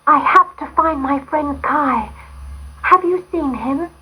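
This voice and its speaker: A woman voicing an earnest, tearful little girl in a storybook reading, high and pleading. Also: takes it slowly, pushed and bright, full character voice, low-quality recording.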